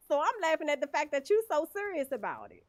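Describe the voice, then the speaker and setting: A woman's voice: sits high, no echo. A woman streaming a game, chatting casually with viewers and laughing often. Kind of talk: casual livestream chat while gaming.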